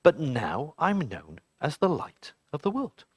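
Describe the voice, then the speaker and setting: A man voicing a gentle, kindly male talking candle in a children's story, speaking softly and low. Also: huge pitch swings, a little slow, slightly rough, no room sound, clean studio sound, exaggerated voice. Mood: gentle pleading. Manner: soft, low and pleading.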